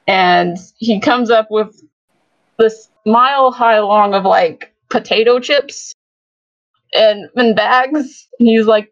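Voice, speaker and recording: A woman's voice: on the high side, slow pace, long pauses, no room sound, highs cut off. A young woman hosting a casual fan podcast, chatty and giggly, with lots of fillers. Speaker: podcast host.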